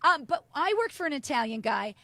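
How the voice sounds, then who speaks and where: A woman's voice: high voice, big pitch swings, a little fast, bright, forceful tone, dry recording. A woman hosting a podcast, chatty and rambling through stories, laughing often. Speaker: podcast host. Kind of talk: casual podcast chat.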